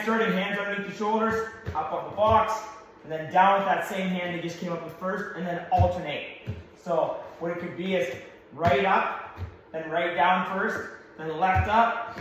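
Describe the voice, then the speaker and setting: A slightly hoarse man coaching through a workout, giving practical cues in a large gym. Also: a little high, fairly bright tone, a little hiss or hum. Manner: practical, coaching cues, talks to his son in asides. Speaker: strength coach. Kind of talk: instructional workout walkthrough. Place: large echoey gym, indoors. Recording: echoey gym from a distance.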